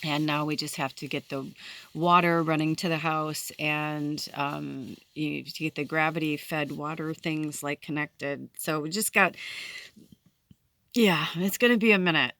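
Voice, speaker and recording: Candid woman in her forties, low-voiced. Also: steady tone, measured pace, fairly bright tone, dry recording. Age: 40s. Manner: candid, swears freely, heartfelt and encouraging. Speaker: spiritual vlogger. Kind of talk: casual late-night vlog talk.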